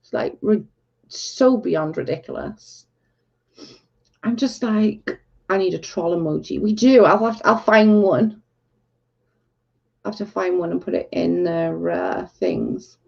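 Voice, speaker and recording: A woman's voice: lowish voice, measured pace, gravelly, pauses often, darkish tone. A woman hosting a casual livestream, ranting in exasperation and saying "like" a lot. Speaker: livestream host. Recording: dull lo-fi stream audio.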